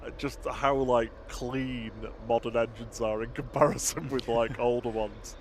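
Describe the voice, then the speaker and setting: A man's voice: mid-range voice, steady tone, unhurried, crowd noise. A man co-hosting a live stream outdoors, chatting casually and reading out viewer comments with easy laughs. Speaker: livestream co-host. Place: outdoors by an airport runway. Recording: outdoor noise, aircraft and traffic.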